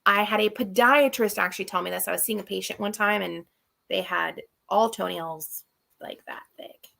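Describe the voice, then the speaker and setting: A woman's voice: medium pitch, moderate pace, vocal fry, sharp tone. A woman hosting a live Q&A stream and chatting casually. She gives practical tips and repeats her key points for emphasis. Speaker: channel host. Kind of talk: live Q&A chat.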